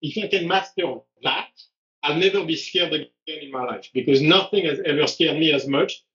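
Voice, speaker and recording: A blunt, animated man who jumps into acted-out quotes mid-sentence. His voice sits high for a man. The sound is dull and lo-fi, like live stream audio. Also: moderate pace. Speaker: strength coach guest. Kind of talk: casual conversation on a live stream.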